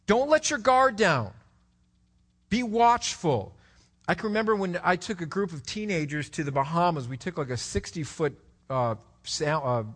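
A middle-aged man preaching a sermon, moving between loud emphatic exhortation and low, quick storytelling. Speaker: pastor.

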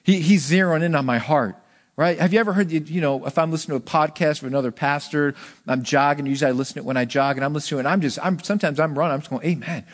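A middle-aged male pastor delivers a sermon with a fairly high voice. He speaks in an animated, emphatic way and drops in joking asides. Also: racing.

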